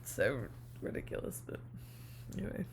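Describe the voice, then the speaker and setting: A woman's voice: normal speed, a little hiss or hum. A woman co-hosting a podcast in casual chat, telling stories loosely and laughing often. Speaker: podcast co-host.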